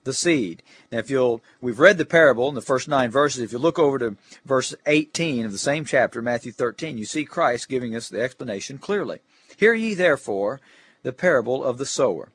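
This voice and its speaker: A man's voice: medium pitch, a little fast, hardly any pauses, fairly bright tone, slightly rough. A man giving a Bible lesson preview for Sunday school teachers, earnest, reading scripture aloud in old King James English.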